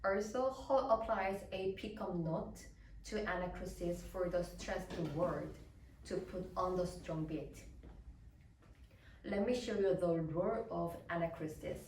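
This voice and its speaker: Soprano lecturer, woman, Korean native speaker; measured, deliberate delivery, lower voice, mic set back in an echoey recital hall. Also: a little mellow, recorded from a distance, a little hiss or hum. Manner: deliberate, explanatory, reading prepared notes. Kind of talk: careful academic lecture.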